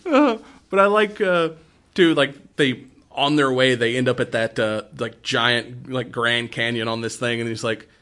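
A man's voice: mid-range voice, unhurried. A man with a mid-range voice chats casually about a film he loves. He retells scenes with gusto, acting out lines and breaking into laughs. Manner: animated retelling, acts out quotes, laughs often. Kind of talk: casual movie chat.

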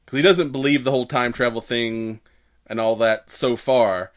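A man on a casual podcast, chuckling often as he retells film scenes and slips into quick quoted lines. His pitch sits mid-range for a man, and his talk is loose and chatty. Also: steady tone. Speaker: podcast co-host. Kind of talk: casual podcast chat recapping a movie.

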